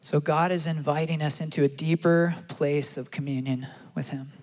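A man preaching a sermon and telling a story, acting out the quotes with animated delivery. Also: fairly high pitch, normal speed. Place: large church hall. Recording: long hall reverb.

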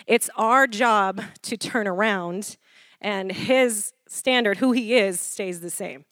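A woman preacher delivering a lively sermon, laughing often and calling for responses from the congregation. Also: medium pitch, unhurried, dry recording.

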